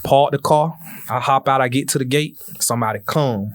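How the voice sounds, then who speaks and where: A man hosting a podcast, telling a story in animated casual talk and swearing freely. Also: mid-range voice, normal speed, no room sound. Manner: animated, swearing, acts out voices in his stories. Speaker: podcast host.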